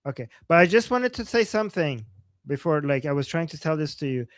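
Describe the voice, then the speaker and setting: Male livestream co-host, animated, stumbling restarts, dry close-miked voice. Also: on the high side, a little fast, dry recording. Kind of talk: casual livestream chat.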